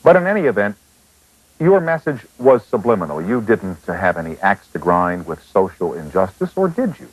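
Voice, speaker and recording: A man hosting a TV talk show, asking measured, deliberate questions from a studio set. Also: lowish voice, big pitch swings, slightly rough, dry recording, low-quality recording. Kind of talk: TV interview.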